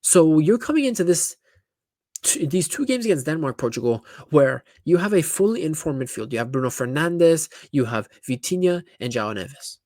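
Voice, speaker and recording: A man's voice: on the high side, big pitch swings, normal speed, a little mellow, no room sound, studio quality. A man giving casual, opinionated football analysis, talking bluntly with lots of restarts and asides. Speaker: football pundit YouTuber.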